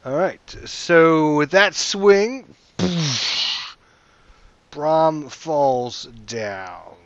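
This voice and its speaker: A man's voice: on the high side, very slow, no echo, lo-fi sound. A man running a tabletop game as game master, narrating loosely and chattily and checking in with the players.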